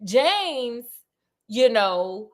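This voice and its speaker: A lovesick aristocratic duke pleads and confesses in casual slang, as a woman storyteller puts him on. The voice sits fairly high, only a little lower and softer than the narrator's own. The manner is pleading and rueful. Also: big pitch swings, drawn-out words, exaggerated voice. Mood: confessing.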